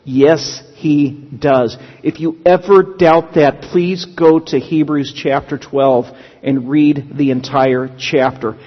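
A man's voice: a little high, steady tone, slow pace. A male pastor preaching a sermon in a conversational teaching manner, with humorous asides. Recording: dull lo-fi sound with long hall reverb.

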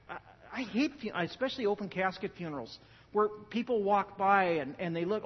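Male pastor, husky and fairly high-pitched, lively sermon delivery with big swings in volume; dull recording with long hall reverb. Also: a little fast. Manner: animated, joking storyteller who swings from loud emphasis to quiet.

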